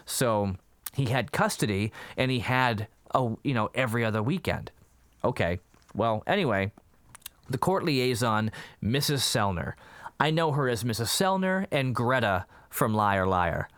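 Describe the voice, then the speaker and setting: Male podcast co-host, lively storyteller, dry close sound. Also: measured pace, dry recording. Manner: animated storyteller, acts out quotes with jumpy pitch. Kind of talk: casual chat recapping a movie.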